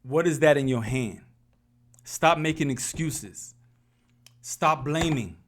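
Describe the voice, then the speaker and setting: Speaking slowly in a slightly high voice, a man delivers a fervent, sermon-like motivational vlog on YouTube and says things more than once for emphasis. Slight background noise can be heard.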